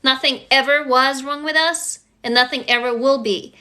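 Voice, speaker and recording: A woman's voice: sits high, steady tone, normal speed, bright, forceful tone. A woman hosting a casual self-help livestream, talking earnestly and emotionally straight to her viewers, now and then swearing. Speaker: livestream host. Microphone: phone.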